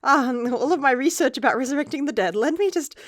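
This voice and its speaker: A woman's voice: sits high, lively intonation, brisk, no room sound, clean studio sound, voice pushed up. A woman voicing a flustered father covering up his research, in a playful, mock-innocent tone.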